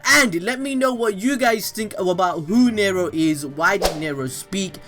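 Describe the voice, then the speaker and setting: A man hosting a casual manga review channel, talking in an energetic, enthusiastic and rambling way. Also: high voice, measured pace, soft background music. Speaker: anime channel host.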